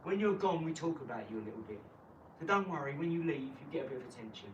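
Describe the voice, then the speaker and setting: A young man streaming live from his garage, mocking and trash-talking a viewer with sudden loud outbursts. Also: a little high, animated, fast, recorded from a distance, dull audio, a little hiss or hum. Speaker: livestreamer. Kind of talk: live stream chat while boxing.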